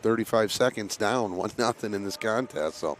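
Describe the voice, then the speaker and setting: Raspy-voiced hockey announcer, a man. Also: lowish voice, moderate pace, a little hiss or hum. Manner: clears throat often, casual with filler words. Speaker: play-by-play announcer. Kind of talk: amateur hockey commentary.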